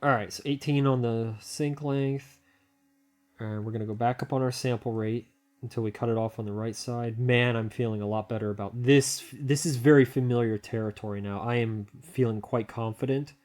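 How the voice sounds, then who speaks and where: Man, mid-pitched, casual walkthrough, rambling, excitable, frequent laughs. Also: moderate pace. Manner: thinks aloud, rambling with filler words and restarts. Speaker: hobbyist video maker. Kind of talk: casual hands-on tech walkthrough.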